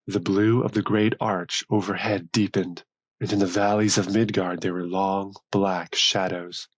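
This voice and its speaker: A man narrating a myth audiobook in a measured, solemn storytelling manner. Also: low-pitched, little pitch movement, husky, no room sound, poor audio. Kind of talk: scripted narration.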